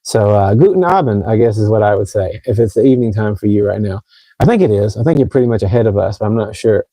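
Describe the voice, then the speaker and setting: A man's voice: mid-range voice, dark tone, no room sound. A young adult man hosting a casual livestream, reading out viewer comments and chatting in a rambling way, often restarting his sentences. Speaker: livestream host reviewing fragrances.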